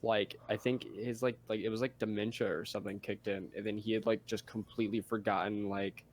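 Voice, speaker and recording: A young man with a somewhat low voice co-hosts a casual podcast. He tells stories bluntly, swears freely and jokes around. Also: little pitch movement, a little fast, a little hiss or hum. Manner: blunt, swears a lot, jokey. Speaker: podcast co-host. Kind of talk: casual chat.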